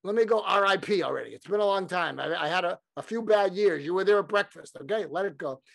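A man voicing a famous older man from Brooklyn, woken from death, talking with gruff impatience. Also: sits high, fast talker, fairly bright tone, pitched above the performer's own voice, heavily acted. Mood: weary. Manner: gruff, exasperated, repeats names.

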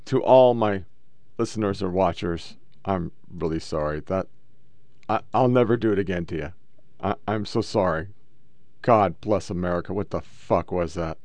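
A man's voice: sits low, normal speed, darkish tone, no room sound. A middle-aged man hosting a casual, profane commentary show, bluntly lecturing about the clips he plays. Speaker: podcast host reacting to clips.

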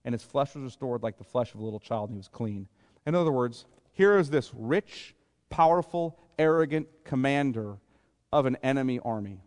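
A man's voice: mid-range voice, expressive, normal speed, darkish tone, long reverb tail. A man preaching a sermon as a pastor, explaining scripture in plain, conversational paraphrase. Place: church sanctuary.

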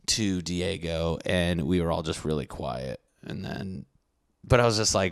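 Speaking low at normal speed with a fairly bright tone, a young man with a Connecticut accent tells a casual comedic story about school. He's from Connecticut, and the tale rambles, swears, and self-corrects.

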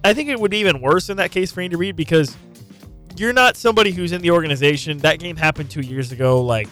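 A man's voice: on the high side, fast talker, a bit bright, soft background music. A man co-hosting a sports talk show, arguing his points and retelling anecdotes in a casual, questioning way. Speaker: sports radio co-host.

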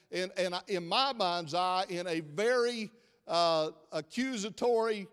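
A middle-aged pastor with a drawl, his voice sitting high for a man, delivers a folksy, easygoing sermon and teases his flock. His words ring out through the long reverb of a church sanctuary. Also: fairly bright tone, clean tone. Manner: folksy, chatty, jokes with the congregation.

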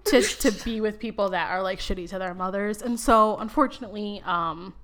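A woman's voice: mid-range voice, lively intonation, fast talker, few pauses, a bit bright. A woman co-hosting a casual podcast, telling stories candidly with lots of laughter and cursing. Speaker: podcast co-host. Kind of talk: casual chat.

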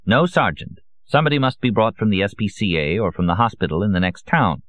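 Scolding animal-loving village lady, read by a male narrator in a storybook, low-voiced, dull audio. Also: expressive, quick pace, dry recording, lightly acted. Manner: scolding, insistent. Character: fussy middle-aged animal-loving village woman.

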